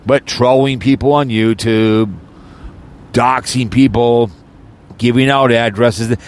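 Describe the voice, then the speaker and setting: Guy ranting into a mic, mad and rambly, keeps restarting sentences, sarcastic, mid-pitch voice. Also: steady tone, unhurried. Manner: angry, rambling and repetitive; mocking, sarcastic. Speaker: channel host. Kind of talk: audio-only rant. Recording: audio recording, no video.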